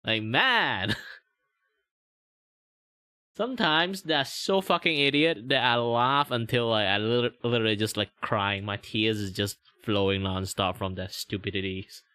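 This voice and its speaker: A man's voice: fairly low pitch, measured pace, pushed and bright, clear, resonant tone, no echo. A man with a Malaysian accent chatting casually on a stream, laughing often, swearing and restarting his sentences. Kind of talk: casual reaction stream chat.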